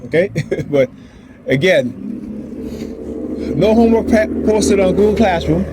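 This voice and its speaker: A man's voice: high voice, lively intonation, unhurried, very noisy. A father filming himself outdoors, ranting about his family and acting out the arguments in voices. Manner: agitated, repetitive, acts out quoted dialogue. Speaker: father vlogger. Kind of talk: ranting personal vlog. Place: outdoors near a building and street traffic.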